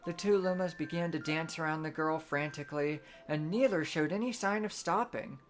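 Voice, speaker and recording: A woman streamer reading a storybook aloud in a gentle, measured bedtime manner. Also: deep voice, faint music behind.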